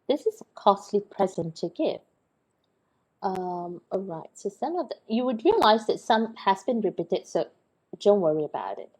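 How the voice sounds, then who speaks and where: A woman's voice: mid-range voice, dark tone, slightly rough, low-quality recording. A woman teaching an English vocabulary lesson, explaining patiently with many fillers and checking in with "okay?" and "right?".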